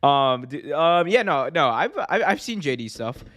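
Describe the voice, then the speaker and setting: A man's voice: a little high, sing-song, normal speed, a bit bright, no echo. A man co-hosting a casual live-streamed chat, rambling with lots of restarts and laughter while he reads out the chat. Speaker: podcast co-host.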